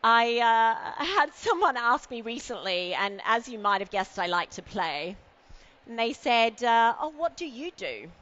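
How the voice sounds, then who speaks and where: Bright-voiced woman giving a playful keynote. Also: on the high side, animated, a little slow, clean tone, highs cut off. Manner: playful and self-mocking, teases the audience. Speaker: keynote speaker. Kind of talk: conference keynote talk. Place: event stage with a podium.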